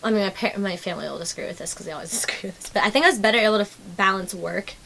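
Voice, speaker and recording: Young woman podcast host, fast, bright, animated storyteller who swears casually. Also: mid-range voice, gravelly.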